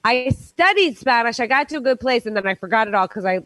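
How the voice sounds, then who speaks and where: A woman hosts a late-night quiz show, rambling through stories in casual chat with a slightly high voice. She drops into playful put-on voices as she goes. Her sound is close and dry. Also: lively intonation, fast talker, a bit bright, no echo, rough recording. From New York.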